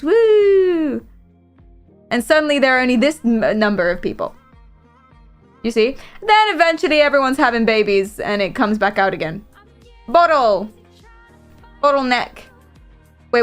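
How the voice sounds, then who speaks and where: British woman streamer, higher voice, rambling giggly chat. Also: a bit bright. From Britain. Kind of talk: casual live-stream chat.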